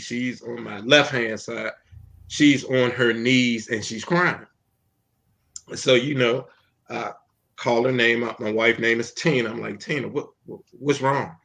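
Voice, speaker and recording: A man who is a minister, telling his personal testimony in an interview in an earnest storytelling way with frequent pauses and ums. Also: mid-range voice, pushed and bright.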